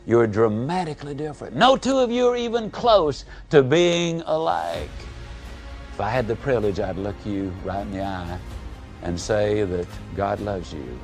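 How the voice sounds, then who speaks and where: A man giving a live motivational speech, telling folksy stories and swinging between booming and hushed delivery. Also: lively intonation, normal speed, faint music behind. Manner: folksy storytelling. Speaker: motivational speaker.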